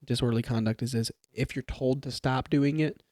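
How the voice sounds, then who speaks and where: Young man, mellow dry voice. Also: medium pitch, fairly even intonation, fairly quick, no echo. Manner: explains with examples, many fillers and restarts. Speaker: police trainee or new officer. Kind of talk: casual podcast chat. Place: podcast studio in a garage. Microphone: studio mic.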